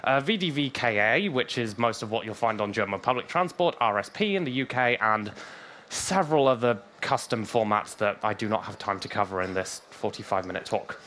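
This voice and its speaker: Hoarse man giving a talk. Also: lowish voice, lively intonation, a little fast, pushed and bright, slight background noise. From Wales. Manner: dry humorous asides. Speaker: conference speaker. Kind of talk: technical conference talk.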